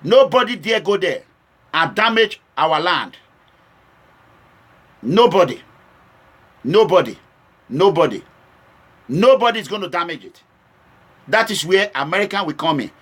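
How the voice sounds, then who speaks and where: Impassioned Nigerian man, high and bright. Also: animated, normal speed. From Edo State, Nigeria. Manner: impassioned, switching between warning and pleading. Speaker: political vlogger. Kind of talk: direct-to-camera political address.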